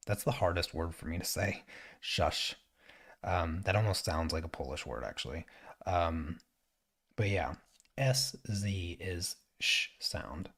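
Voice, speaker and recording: A man with a low, deep voice chats easygoing and unhurried while he paints, thinking aloud and restarting his sentences as he goes. It sounds like a relaxed art stream host talking to his viewers. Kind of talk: casual chat while painting.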